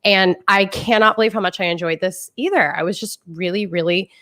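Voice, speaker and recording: A woman's voice: mid-range voice, brisk, a bit bright. A woman co-hosting a pop-culture podcast, talking in a bubbly, enthusiastic way and laughing often. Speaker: podcast co-host. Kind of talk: casual pop-culture chat.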